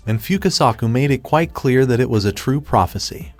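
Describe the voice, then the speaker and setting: A man's voice: medium pitch, lively intonation, normal speed, few pauses, no echo. Man narrating a fanfiction story.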